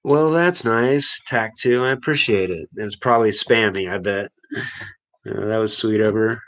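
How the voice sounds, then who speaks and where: A man from Missouri casually hosting a live stream, chatting with viewers in a relaxed, rambling way. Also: on the low side, normal speed, poor audio. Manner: laid-back, rambling, chuckles often. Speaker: livestream host.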